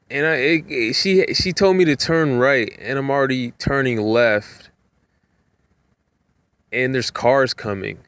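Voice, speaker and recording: A man's voice: medium pitch, fairly bright tone, clean tone, no room sound. A young man and rideshare driver telling a story in a laid-back, casual way, often repeating filler phrases. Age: young adult.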